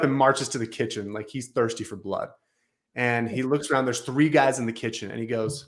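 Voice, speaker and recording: A man's voice: mid-range voice, steady tone, normal speed. A man speaking as a guest on a business talk show, telling a story with emphatic repetition. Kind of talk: storytelling in conversation.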